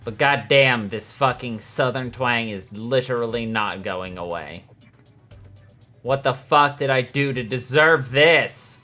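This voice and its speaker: Male gaming streamer, bright voice, exasperated and foul-mouthed. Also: medium pitch, slow, faint music behind. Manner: exasperated, swears a lot.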